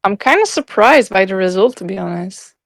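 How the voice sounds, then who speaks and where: A woman's voice: mid-range voice, animated, fairly quick, no room sound. A woman with a French accent, a native French speaker, chatting as a podcast guest, hesitant and searching for words. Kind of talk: casual chat.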